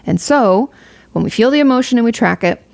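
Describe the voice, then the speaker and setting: Frank young woman with a gravelly voice. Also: a little high, animated, a little fast, a little mellow, no room sound. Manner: candid and frank, swears casually; rambling with many fillers and restarts. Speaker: streamer answering a viewer question. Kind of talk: casual advice talk.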